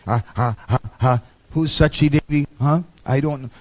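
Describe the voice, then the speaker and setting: A man's voice: mid-range voice, normal speed, lightly acted. A man playing a frightened king who stammers and trembles. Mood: terrified. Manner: stammering, nervous.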